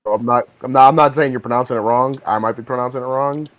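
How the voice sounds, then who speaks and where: A man's voice: medium pitch, fairly even intonation, fast, low-quality recording. A man co-hosting a podcast in casual chat, often hesitant and restarting his sentences. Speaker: podcast co-host.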